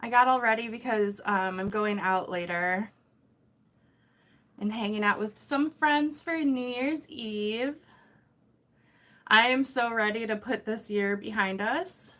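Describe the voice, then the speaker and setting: A young woman with a slightly high voice talks casually on a home live stream. She greets viewers by name and apologizes a lot. Her voice is caught by a camera mic set some distance away across the room. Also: slow, long pauses, a bit bright. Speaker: YouTuber hosting a live stream.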